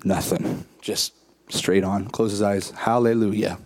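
A male preacher recounts a story from the pulpit in a mid-pitched voice. He drops low and quiet when quoting others, then climbs to high, emphatic peaks on key points. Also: lively intonation, fast talker. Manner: acts out quoted dialogue in a lower, quieter voice. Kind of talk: sermon storytelling.

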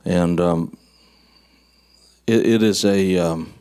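A middle-aged preacher with a somewhat low voice tells stories from the pulpit. His delivery is folksy and wry, with jokes dropped in between the serious points. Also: slow, warm tone, clean tone. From southern United States. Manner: folksy storytelling with wry humor. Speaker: guest preacher. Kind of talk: sermon.

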